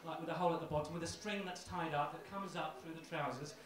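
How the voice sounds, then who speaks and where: Young male stand-up comic, self-deprecating and halting, slightly high voice, boomy club room, far mic, audience around. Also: fairly even intonation, very noisy. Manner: self-deprecating, hesitant with ums. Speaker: stand-up comedian. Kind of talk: stand-up routine. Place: small comedy club. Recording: echoey club, distant mic, crowd.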